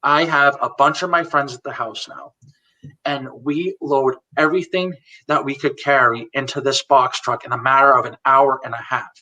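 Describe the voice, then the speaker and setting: With a mid-range voice, fairly even intonation and a moderate pace, a man in his forties candidly tells his life story as a live chat guest. He retells conversations line by line, laughing now and then, his tone bright and forward. He sits back from the microphone, so he sounds a little far off.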